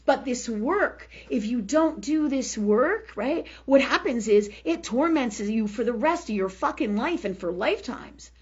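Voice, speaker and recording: A woman's voice: fairly high pitch, animated, a little slow, hardly any pauses, a little mellow, husky, highs cut off. A woman hosting a spiritual health show, speaking bluntly with plenty of profanity, laughing often, and slipping into repetitive healing prayers. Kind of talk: candid spiritual talk on a live show.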